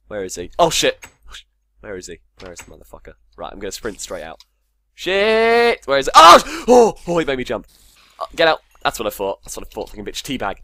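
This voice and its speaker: A young man chats through his block-building game, cursing and cracking jokes to himself. His pitch bounces up and down a lot. The sound is dry and close to the mic, with no room around it. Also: big pitch swings, moderate pace, bright, forceful tone, no room sound. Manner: swears a lot, jokey, talks to himself. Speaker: gamer. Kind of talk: casual Minecraft let's play commentary.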